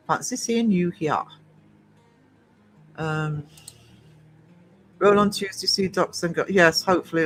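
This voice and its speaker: A man's voice: sits high, a bit bright, poor audio. A man hosting a casual live stream, chatting and greeting viewers by name, with a cough now and then.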